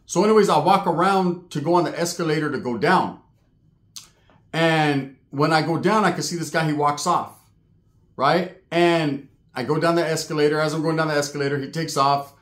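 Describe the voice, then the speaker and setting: A man telling a true paranormal story in a casual, streetwise way, swearing freely and getting animated. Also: on the high side, moderate pace. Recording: echoey room.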